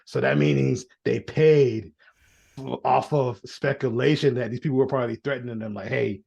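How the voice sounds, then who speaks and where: A man at a middle pitch co-hosts a podcast, and his voice is gravelly and husky. He sounds laid back and casual. He keeps chiming in with short agreeing replies. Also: fairly even intonation, moderate pace, a little mellow, muffled recording. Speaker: podcast co-host.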